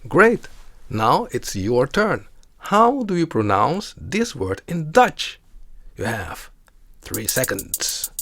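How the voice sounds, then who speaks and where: A man teaching a pronunciation lesson in a deliberate, explanatory way. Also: mid-range voice, sing-song, a bit bright, no echo. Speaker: language teacher.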